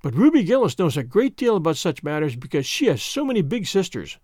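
A man's voice: a little high, sing-song, brisk, a little mellow, no echo, studio quality. A man doing a chattering, dreamy young girl. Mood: eager. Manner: chattering, earnest and wordy. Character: talkative imaginative girl, eager and dreamy.

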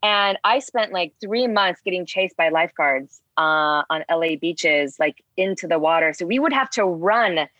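A woman guest in a casual chat, telling rambling, animated stories packed with fillers. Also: on the low side, normal speed, hardly any pauses, dry recording, dull audio. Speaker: spearfishing guest.

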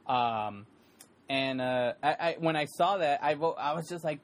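A man's voice: a little high, lively intonation, moderate pace. This is a man from California in a casual chat with a co-host. He talks in an easygoing, friendly way and laughs often between thoughts.

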